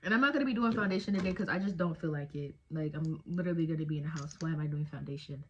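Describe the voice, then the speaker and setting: A Texas beauty vlogger in her 20s chats and jokes at home indoors while doing her makeup, chatty and slangy with trailing fillers. Her voice is low-pitched and very fast. The sound is lo-fi, with background noise.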